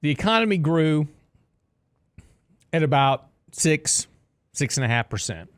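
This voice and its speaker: A man's voice: on the high side, big pitch swings, measured pace, no room sound. A man hosting a finance talk show, explaining markets in a chatty way with joking asides on a studio mic. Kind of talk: radio talk commentary.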